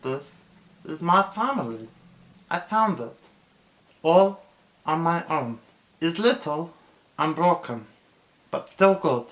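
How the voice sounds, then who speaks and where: Man doing a small blue alien, halting and heartfelt, broken simple grammar, a bit higher than his own voice. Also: lively intonation, darkish tone, low-quality recording.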